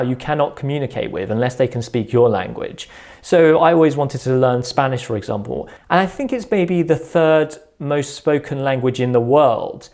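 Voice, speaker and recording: A man's voice: medium pitch, a little mellow. A man with a mid-range voice talks through relationship advice, speaking earnestly and explaining as he goes. He slips into little quoted thoughts to show how people react, then returns to his point. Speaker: self-help channel host. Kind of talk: advice monologue.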